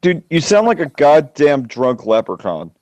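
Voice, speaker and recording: A man's voice: a little high, very animated, measured pace, darkish tone, no echo. Crude teasing man on a call. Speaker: podcast co-host. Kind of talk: casual group call chat.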